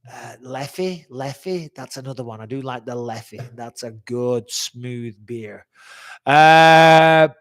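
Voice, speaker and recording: A man's voice: mid-range voice, clear, resonant tone. A man in his forties hosting a live fan chat, reading out fan questions and answering in a blunt, chatty way, swearing freely and sounding like he's getting over a cold. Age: 40s. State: recovering from a cold-like illness.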